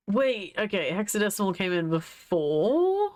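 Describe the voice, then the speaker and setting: A woman's voice: lowish voice, sing-song, normal speed, hardly any pauses. A woman streamer chatting casually on a live stream, gushing and giggling as she reacts to what is on screen. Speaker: livestreamer.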